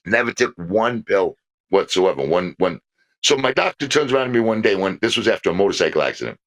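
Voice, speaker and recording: Older male podcast co-host, lively pitch, animated storyteller who acts out quoted voices. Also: a little fast. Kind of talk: casual political chat.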